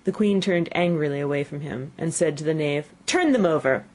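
Low, husky woman narrating expressively. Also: fairly quick. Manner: expressive storytelling. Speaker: audiobook narrator. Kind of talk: scripted narration.

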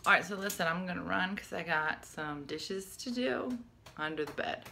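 A woman's voice: on the low side, expressive, moderate pace, vocal fry, pushed and bright, a little hiss or hum. A middle-aged woman hosting a comic vlog, ranting in exasperation with gasps and exclamations in a bedroom at home. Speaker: comedian vlog host. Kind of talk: casual comic rant to camera.

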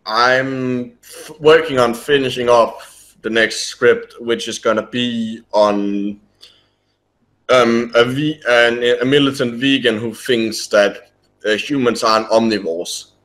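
A man's voice: mid-range voice, fairly even intonation, slow pace, fairly bright tone, rough recording. Dry-witted man on a podcast. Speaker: podcast co-host. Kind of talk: casual chat.

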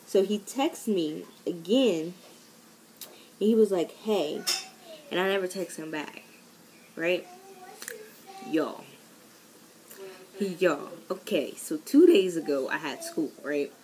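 A young woman chats through a story for her vlog in a lowish voice. She is lively and animated, and her pitch leaps whenever she acts out what someone said. Faint noise sits in the background. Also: slow, pauses often, rough recording. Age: young adult. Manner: chatty and animated, acting out quoted voices with big pitch jumps. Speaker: vlogger.

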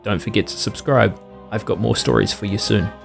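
Gravelly New dad reading aloud. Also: male voice, lowish voice, brisk, soft background music. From New Zealand. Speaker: podcast host reading stories. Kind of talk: bedtime-style story reading.

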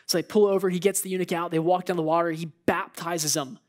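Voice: mid-range voice, fairly even intonation, fast. A preacher delivering a sermon in a church. The delivery is conversational and storytelling, full of asides. The preacher acts out what the Bible characters might be thinking. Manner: storytelling, acts out biblical figures' thoughts.

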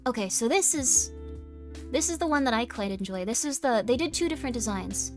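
A woman's voice: on the high side, expressive, fairly quick, faint music behind. A woman streamer chatting casually with her live chat, bubbly and self-deprecating, with lots of giggles and "like.". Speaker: VTuber streamer.

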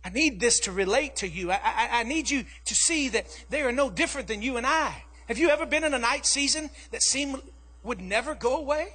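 Male pastor, sermon, very high husky voice, bright, animated delivery. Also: fairly quick. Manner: animated preaching, acting out his daughter's voice, rising to shouts.

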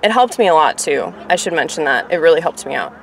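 A middle-aged woman talking casually to her viewers, rambling, laughing at her own stumbles and swinging from loud to quiet. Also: low voice, very animated, fast, a little hiss or hum. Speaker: vlogger.

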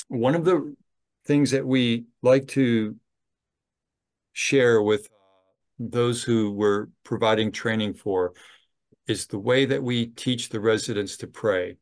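A middle-aged man, a chaplain, giving a slow, gentle training talk on ministry, with some fillers. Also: mid-range voice.

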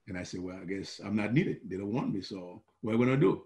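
A man's voice: on the low side, quick pace. Older man telling his story. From Malawi. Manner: animated, acts out quoted dialogue. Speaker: former coach, interviewee. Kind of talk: oral history storytelling.

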